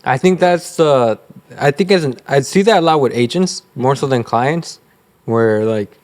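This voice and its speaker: A man's voice: medium pitch, measured pace, darkish tone. A man, a loan officer, hosting a casual interview in an easygoing, conversational way.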